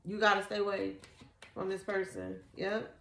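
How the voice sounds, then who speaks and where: A woman giving a casual tarot reading, animated and slangy, swearing often and repeating herself. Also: medium pitch, moderate pace, vocal fry, roomy sound. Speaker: tarot reader.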